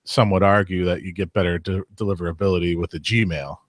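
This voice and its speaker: A man's voice: low-pitched, fairly even intonation, a little fast, dry recording, studio quality. A man co-hosting a live show in casual chat, blunt and opinionated. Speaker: podcast co-host.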